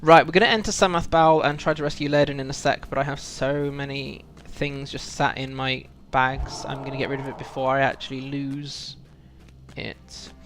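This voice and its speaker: A man's voice: medium pitch, flat delivery, moderate pace. A British man streaming a video game, chatting reflectively with viewers, full of ums and restarts. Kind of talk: casual live-stream chat while playing.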